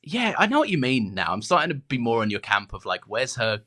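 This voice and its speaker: A man's voice: medium pitch, sing-song, fairly quick, pushed and bright. A man co-hosting a podcast, talking animatedly with frequent hesitations. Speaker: podcast co-host. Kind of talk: casual chat.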